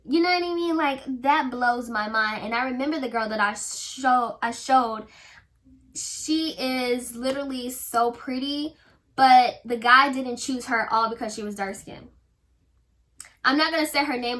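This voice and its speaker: A young woman talks straight to her viewers in a storytime vlog, and her voice sits a little high and rings bright. She is candid and lively, slipping into other people's voices as she acts out what they said. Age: young adult. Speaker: vlogger.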